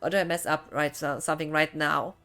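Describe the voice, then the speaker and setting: A woman's voice: low-pitched, steady tone, a little fast, pushed and bright, soft background music. A young woman with a German accent, a non-native English speaker, rambling casually as she chats on a live gaming stream. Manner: rambling, thinking aloud.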